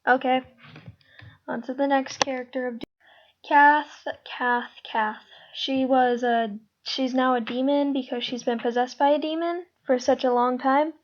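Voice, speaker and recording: A woman's voice: high voice, fairly even intonation, a little slow, a little hiss or hum. A woman explaining a casting call to her viewers in a casual, rambling way, full of ums and trailing asides. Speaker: creator running a casting call. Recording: dull lo-fi home mic.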